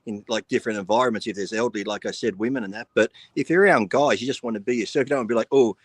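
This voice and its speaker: A man's voice: on the low side, rapid-fire, dry recording. A middle-aged man co-hosting a podcast in casual chat, blunt and joking, swearing freely. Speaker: podcast co-host.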